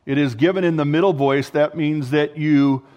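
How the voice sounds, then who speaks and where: A man's voice: fairly high pitch, steady tone, moderate pace, a little mellow. A male pastor preaching a sermon in a conversational way, with joking asides and restarts mid-thought. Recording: long hall reverb.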